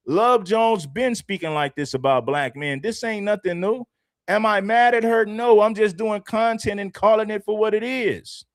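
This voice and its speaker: A man with a high-pitched voice gives reaction commentary on a livestream. He talks emphatically and mockingly, firing one rhetorical question after another at his viewers. The sound is dry and close, with no room around it. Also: no room sound.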